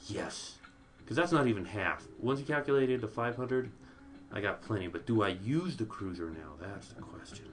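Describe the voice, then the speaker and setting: A man giving casual gameplay commentary, talking straight to his viewers and jumping high in pitch when things go wrong. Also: normal speed. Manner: excitable, voice jumps high when panicking; talks directly to viewers. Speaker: let's play commentator.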